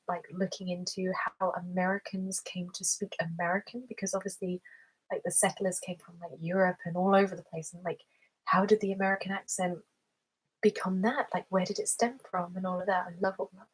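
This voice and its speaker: A young woman hosting a casual whispered live-stream chat, soft-spoken and chatty, with lots of "like" fillers. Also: lowish voice, little pitch movement, brisk, poor audio. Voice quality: soft, breathy, often whispered. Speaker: ASMR host.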